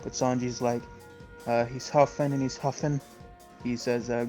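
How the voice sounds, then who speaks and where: A man co-host recaps a comic chapter in an easygoing, rambling way, packed with fillers. His voice sits at an ordinary, middle pitch for a man. The talk is loose and conversational. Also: moderate pace, faint music behind, rough recording. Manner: relaxed, rambling with many fillers; laughs often. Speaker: podcast co-host. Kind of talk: casual chat recapping a comic.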